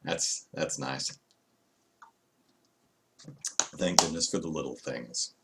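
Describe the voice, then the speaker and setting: A man's voice: a bass voice, takes it slowly, heavy background noise. A man chatting casually on a live stream, rambling and wry with many fillers. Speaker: vlogger.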